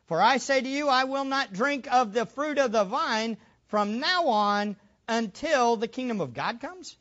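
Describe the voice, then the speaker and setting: A man's voice: sits high, a bit bright, lo-fi sound. A man preaching a sermon, asking questions of the congregation and stressing his points. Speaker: pastor.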